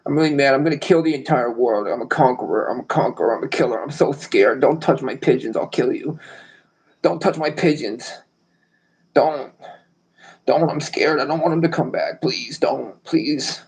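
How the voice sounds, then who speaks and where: A man putting on a high, whiny impression of a famous boxer that swings between scared and threatening. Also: normal speed, darkish tone, husky, poor audio. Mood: scared, menacing.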